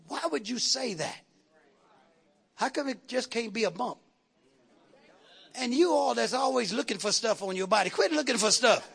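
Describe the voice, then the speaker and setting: High, gravelly preacher man in church. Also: lively intonation, moderate pace, long pauses, some chatter behind. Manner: call-and-response preaching, rhetorical questions, rising to shouts. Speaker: pastor. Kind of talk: sermon. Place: church sanctuary.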